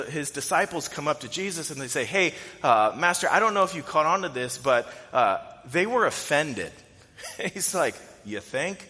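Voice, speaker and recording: A man preaching a sermon as pastor, animated and jumping into loud, high-pitched bursts when acting out quotes. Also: in a large hall.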